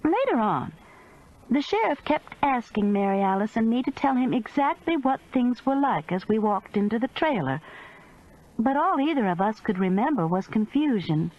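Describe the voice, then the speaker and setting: A woman reading a cozy mystery audiobook in expressive first-person narration. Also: fairly high pitch, moderate pace, lo-fi sound. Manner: expressive storytelling.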